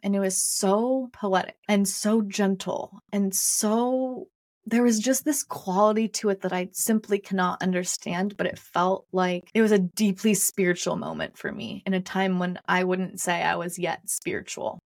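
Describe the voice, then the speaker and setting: A young woman hosts a podcast and tells her own story in an open, reflective way. She talks at an average pitch and often circles back over the same words. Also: steady tone, moderate pace. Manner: candid, reflective, repeats phrases often. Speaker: podcast host. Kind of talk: personal storytelling monologue.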